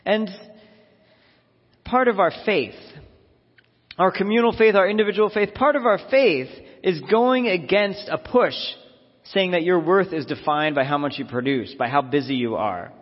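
A man's voice: high voice, normal speed. A man giving a sermon as a minister, reflective and repeating phrases for emphasis. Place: church sanctuary. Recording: dull lo-fi audio in a reverberant sanctuary.

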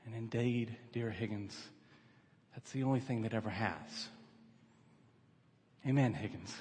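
A man preaching a sermon as an animated storyteller, building from hushed narration to shouts, in a church hall. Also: lowish voice, unhurried, slight background noise. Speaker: pastor. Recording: echoey hall.

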